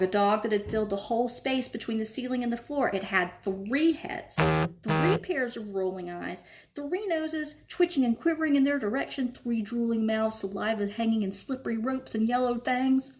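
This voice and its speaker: A woman reading a novel aloud with lively storytelling. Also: a little high, moderate pace. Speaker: reader.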